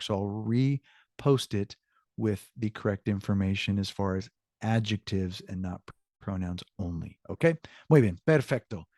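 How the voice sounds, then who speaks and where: A man's voice: on the low side, a little mellow, dry recording, studio quality. Upbeat man teaching a Spanish class. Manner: upbeat, encouraging, self-correcting. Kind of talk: online class lesson.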